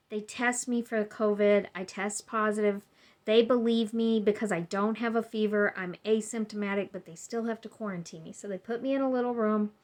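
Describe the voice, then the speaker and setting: At home, a woman vlogger tells her camera a personal story in a chatty, rambling way, acting out what other people said. Her voice is medium in pitch.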